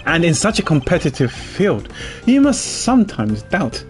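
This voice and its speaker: A man's voice: on the high side, huge pitch swings, normal speed, soft background music, voice pushed up. A man voicing a cool, formal and proud male prosecutor in a pompous manner.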